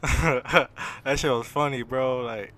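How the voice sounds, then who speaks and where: A young man in casual chat, relaxed and slangy, calling everyone dude. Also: medium pitch, slow pace. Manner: easygoing, slangy, says dude a lot. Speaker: podcast co-host.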